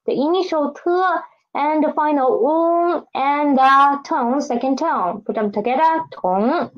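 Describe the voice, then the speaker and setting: A woman teaching a beginners' Mandarin lesson in a slightly raised voice. She drills words with great patience and very slow pacing, repeating each one for learners to echo. The recording sounds somewhat dull and lo-fi. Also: high-pitched, expressive. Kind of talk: online language lesson.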